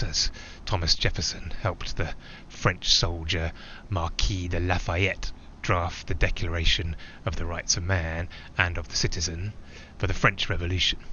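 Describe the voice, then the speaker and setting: A low-voiced, musing lone pilot. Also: male voice, bright, forceful tone, highs cut off, a little hiss or hum. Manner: reflective, digressive, with small hesitations. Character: a man flying alone, musing and rambling. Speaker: narrator-pilot. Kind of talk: theatrical monologue.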